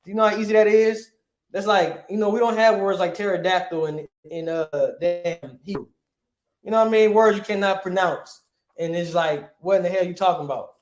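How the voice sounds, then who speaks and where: A man's voice: high-pitched, brisk, echoey room. A man teaching a lesson, asking rhetorical questions and punctuating points with emphatic asides. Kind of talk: classroom lesson.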